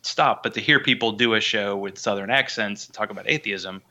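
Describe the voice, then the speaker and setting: Podcaster guy on a radio show, self-deprecating jokes, really bright edgy voice. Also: on the low side, fairly quick, muffled recording. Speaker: guest podcaster. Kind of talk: casual radio interview.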